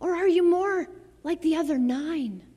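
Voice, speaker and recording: A woman preaching a sermon to a church. She delivers it dramatically, dropping to soft near-whispers and then rising to fervent exclamations. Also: very high voice, unhurried. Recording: long reverb of a large hall.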